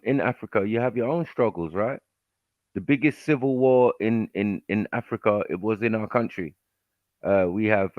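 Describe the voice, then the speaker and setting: Panelist, low voice, measured, dull dry call sound. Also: male voice, dry recording. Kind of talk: livestream panel debate.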